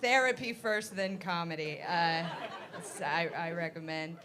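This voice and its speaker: A woman's voice: on the low side, measured pace. A woman hosting a comedy night, introducing acts with dry, teasing asides from the stage. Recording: live room with crowd noise. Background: audience.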